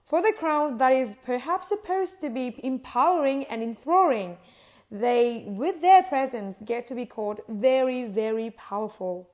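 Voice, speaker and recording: Woman reading a news article aloud, slightly high. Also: expressive, measured pace, a little mellow. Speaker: news reader.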